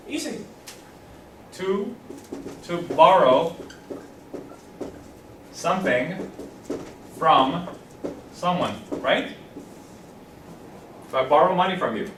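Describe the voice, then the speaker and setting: A man with a fairly high voice teaches an English class, lively and repeating phrases slowly so students can follow. He is picked up from across an echoey classroom, and a faint room hum sits underneath. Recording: roomy classroom from a distance.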